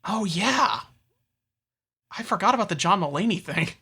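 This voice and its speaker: A man's voice: high voice, lively intonation, moderate pace, sharp tone, breathy edge. A man co-hosting a podcast, riffing crudely and animatedly in casual chat. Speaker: podcast co-host.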